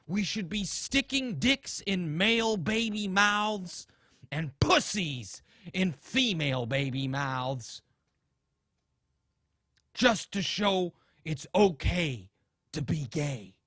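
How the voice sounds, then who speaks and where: A man doing an impression of a smug, preachy middle-aged TV science-show host, lecturing in a slow, deadpan way. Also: sits high, no echo, studio quality, full character voice. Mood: mock lecturing. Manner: slow mock-lecturing, deadpan absurd claims. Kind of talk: comedic impression.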